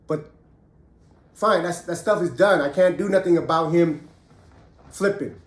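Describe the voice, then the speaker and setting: A middle-aged ex-convict tells his own story candidly, bluntly and emphatically, with heat and free swearing. His voice is fairly high and unhurried, with long pauses. The recording is reverberant.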